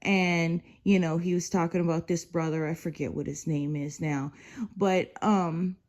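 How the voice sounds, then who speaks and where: A woman's voice: on the low side, fairly even intonation, unhurried, a little mellow. A woman in her fifties talking in a casual, rambling monologue, exasperated and full of "you know" asides. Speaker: vlogger.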